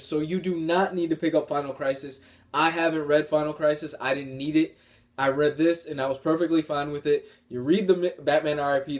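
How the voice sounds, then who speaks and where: Enthusiastic man chatting about comics. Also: a little high. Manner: enthusiastic, laughs often, rambling. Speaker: comic book reviewer. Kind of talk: casual video review.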